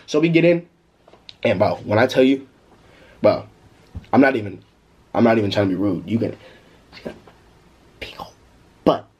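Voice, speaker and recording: A young man tells a story to his vlog in a loose, slangy, animated way. His voice is husky and a little breathy, and it swings widely in pitch, jumping high whenever he gets worked up. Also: normal speed, pauses often. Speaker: vlogger. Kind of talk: casual storytime.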